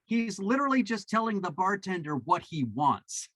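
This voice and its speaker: Male podcast co-host, animated and bright-toned, probing questions, dry close sound. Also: high voice, normal speed, no echo, poor audio. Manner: probing, keeps asking questions. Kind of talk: casual film discussion.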